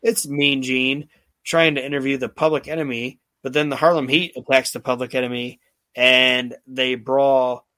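A man's voice: mid-range voice, flat delivery, normal speed, bright, forceful tone, no room sound. A male podcast host recapping old wrestling shows in casual, profanity-laced storytelling.

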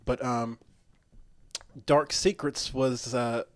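A relaxed man speaking as an actor guest in a loose, casual interview. His talk is easygoing and peppered with fillers and quick laughs. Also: medium pitch.

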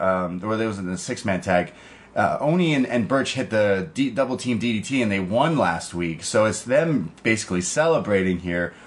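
A man co-hosting a casual podcast, chatty and laughing often as he recaps wrestling shows. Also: lowish voice. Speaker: podcast co-host. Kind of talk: casual chat.

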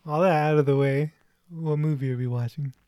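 A man's voice: a little high, steady tone, a little fast, a little mellow, dry recording. Young man, movie chat host, lots of ums and laughs, dry close sound. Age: 20s. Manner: chatty, laughs often, many fillers. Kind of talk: casual chat.

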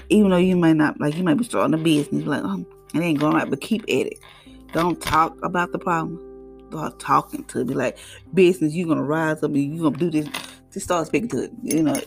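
A woman's voice: low-pitched, creaky. A middle-aged woman hosting a devotional podcast, talking in a casual, preachy, conversational way. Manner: conversational, preachy, African American Vernacular English phrasing.

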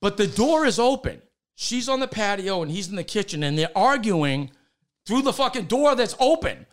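A man's voice: high voice, normal speed. A man, a stand-up comedian, telling a rowdy story in casual chat, swearing freely and acting out the people in it. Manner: profane, animated storyteller acting out voices.

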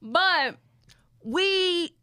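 A woman's voice: very high-pitched, animated, drawn-out words, pushed and bright. A woman in her thirties telling a story in a casual chat and talking straight to the audience as y'all. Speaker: guest.

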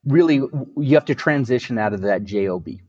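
A man giving energetic business advice as a coach, asking rhetorical questions and laughing at himself. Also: mid-range voice, a little fast, no room sound, lo-fi sound. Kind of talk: casual business interview.

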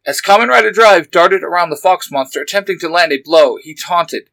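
A man's voice: high-pitched, fairly quick, gravelly, few pauses, sharp tone, dry recording, low-quality recording. A man reading a superhero fan story aloud with eager narration.

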